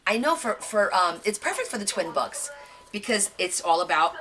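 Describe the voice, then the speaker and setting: A chatty woman hosting a live craft stream, showing off her finds with gushing enthusiasm. Her voice is bright and a little sharp, and her pitch leaps high and low as she talks. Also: sing-song, unhurried, long pauses, soft background music. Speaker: craft channel host. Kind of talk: casual live show-and-tell.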